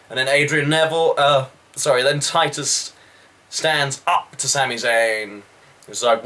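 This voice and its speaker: A man's voice: medium pitch, steady tone, unhurried, sharp tone. Guy doing a casual wrestling recap, rambly and chatty, lots of asides. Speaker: wrestling show reviewer. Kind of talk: casual video review.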